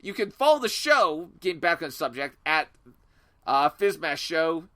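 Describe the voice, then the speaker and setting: A man's voice: a little high, big pitch swings, measured pace, fairly bright tone. A man co-hosting a podcast, rambling and playful in casual chat. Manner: rambling, playful, many fillers. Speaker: podcast co-host.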